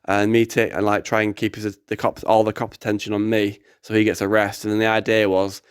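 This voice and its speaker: A young man with an animated, rambling manner, telling a story casually on a podcast. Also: on the low side, a little fast, clear, resonant tone, dry recording, clean studio sound. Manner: animated, excitable, rambling with fillers. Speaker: activist podcast host.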